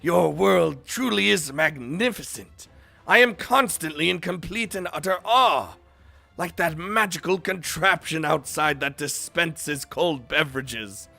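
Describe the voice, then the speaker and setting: A man puts on a hearty, wide-eyed stranger who loves old pirate lingo, rolling out each word with theatrical relish. The voice sits high and bright with a gravelly edge. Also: animated, unhurried, dry recording, faint music behind, exaggerated voice. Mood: awestruck. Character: otherworldly man speaking stagey pirate lingo.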